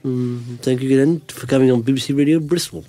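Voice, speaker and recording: A man's voice: medium pitch, steady tone, brisk, warm tone, faint music behind. A man hosting a markets podcast, chatting casually and reading a roundup of stocks with jokey, rambling asides. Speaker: podcast host.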